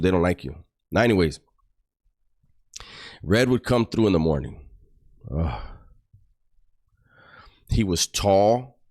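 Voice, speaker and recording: Man, lower voice, very expressive pitch, casual profane storyteller for a vlog. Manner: animated, profane, mock-disgusted storytelling. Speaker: YouTuber recounting prison stories. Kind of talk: casual storytelling to a livestream audience.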